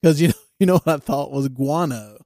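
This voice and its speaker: A man co-hosting a podcast, reading out listener names slowly and making dry quips in casual chat. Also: fairly high pitch, dark tone, dry recording.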